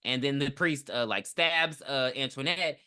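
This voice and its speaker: A woman podcast co-host recapping a movie in a casual, profane, animated way, acting out lines as she goes. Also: very deep voice, measured pace, smooth.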